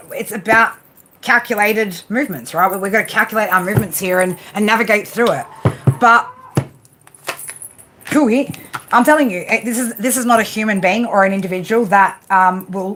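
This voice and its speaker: A woman's voice: medium pitch, sharp tone, slight background noise. A woman giving a live tarot reading. She is blunt and swears freely. She coaches emphatically and keeps asking "right?". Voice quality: blunt and profane, peppers talk with "right?". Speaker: tarot reader.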